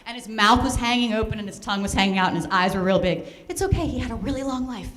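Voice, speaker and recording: On stage at a charity fundraiser, a woman tells a self-mocking comic story into a handheld or stand microphone with playful drama. Her voice is a little high, fast and a bit bright.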